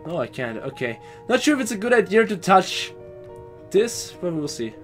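A young man commentates a horror game as a let's play host, reading lines aloud and reacting loudly when scared. His pitch swings widely from muttered asides to excited yells. Faint music plays underneath. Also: normal speed. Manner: animated, shouts and swears when scared. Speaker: gaming YouTuber.

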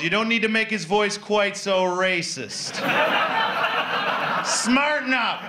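A man's voice: high voice, expressive, slow, long pauses, bright, forceful tone, faint music behind. Playful male stand-up comedian on stage. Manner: playful, rambling, shifts between silly voices. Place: on stage in a live venue. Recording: echoey live venue with audience noise.

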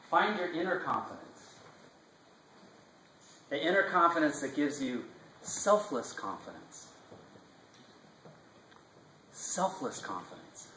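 A man giving an impassioned, inspirational live talk, emphatic with drawn-out phrasing, recorded from a distance in a live salon room. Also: fairly high pitch, fairly bright tone, echoey room, a little hiss or hum. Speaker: speaker presenting his class.

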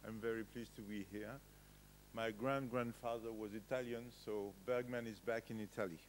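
A man with a French accent and French as his first language, giving a conference lecture with frequent pauses and restarts. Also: on the low side, fairly even intonation, a little hiss or hum, low-quality recording. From France. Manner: hesitant, frequent filler sounds and restarts. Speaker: medical lecturer. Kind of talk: conference presentation. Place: conference hall.

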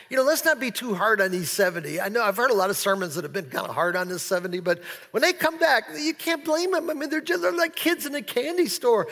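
A man preaching a sermon as pastor, animated and playful, acting out excited exclamations. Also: extremely high pitch, long reverb tail. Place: large church hall.

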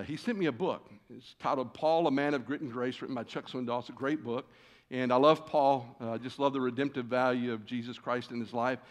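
A man preaching as a guest in a church, telling a personal story with lively, acted-out dialogue. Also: mid-range voice. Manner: animated, acts out quoted conversations. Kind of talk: storytelling sermon. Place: church sanctuary.

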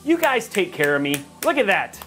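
Man from California, casual livestream host, jokey and rambling, lively sing-song delivery, faint music behind. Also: high-pitched, normal speed. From California, USA. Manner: rambling, jokey, reads chat aloud.

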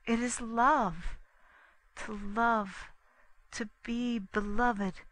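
A woman voicing a gentle, devout young nun in an audiobook, speaking softly and slowly with reverence. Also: fairly high pitch, steady tone, heavily acted, rough recording. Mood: serene. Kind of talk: audiobook reading.

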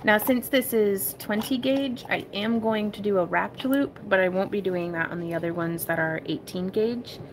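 A woman's voice: medium pitch, moderate pace, hardly any pauses, background noise. A woman hosting a casual crafting tutorial livestream from her home craft room. She chats with viewers, giggles often and calls them y'all.

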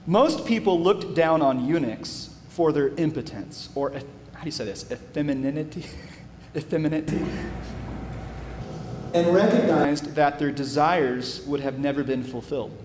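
A man teaching the Bible, reading verses aloud dramatically and dropping to quiet asides. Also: medium pitch. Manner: reads scripture aloud dramatically, acting out the speakers. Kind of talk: Bible study presentation. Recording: long reverb, faint background hum.

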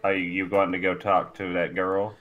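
A man's voice: low-pitched, completely flat delivery, moderate pace, narrow, tinny audio. A man trash-talking and joking crudely with his friend during casual co-op gameplay commentary. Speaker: gaming host.

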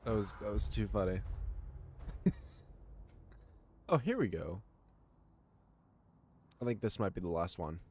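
A man's voice: fairly low pitch, very animated, measured pace, pauses often, darkish tone, a little hiss or hum. A man streaming a video game live, chatting casually, laughing often and swearing loosely. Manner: laughs a lot, loose and profane. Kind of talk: casual live gameplay commentary.

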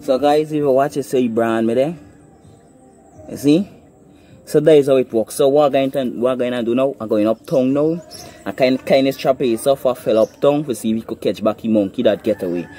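A man's voice: medium pitch, brisk, dark tone, faint music behind. A man with a Guyanese accent, filming himself on a phone outdoors and explaining a trap step by step, often checking that viewers understand. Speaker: hunting vlogger. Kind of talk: casual outdoor demonstration. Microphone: phone camera.

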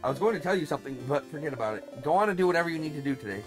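A man voicing a gentle young woman companion who speaks softly and kindly with concern. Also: on the high side, animated, rapid-fire, faint music behind, lightly acted. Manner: soft, kind and concerned.

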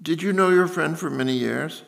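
A nervous, polite man, as a male reader puts him on, asking careful questions. His voice is lifted noticeably above the narrator's own pitch. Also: moderate pace, creaky. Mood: anxious. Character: anxious man caring for an ill friend, polite.

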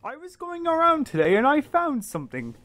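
A performer voicing an excitable, teasing toy engine in a fan dub, chirpy and sing-song. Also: high-pitched, brisk, slight background noise, voice pushed up, exaggerated voice. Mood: giddy.

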